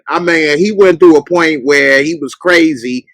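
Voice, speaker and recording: Animated male podcast host, dry close sound. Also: on the high side, unhurried, no room sound. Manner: animated, bursts into loud mocking outbursts. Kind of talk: casual livestream chat.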